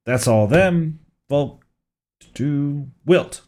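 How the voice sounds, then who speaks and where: A man's voice: fairly high pitch, lively intonation, very slow, a little mellow. A man running a tabletop game as game master, casual, swearing freely and laughing often.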